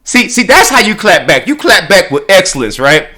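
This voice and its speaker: A man hosting reaction commentary, mocking and animated, with stammering repetitions. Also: high voice, normal speed. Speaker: host.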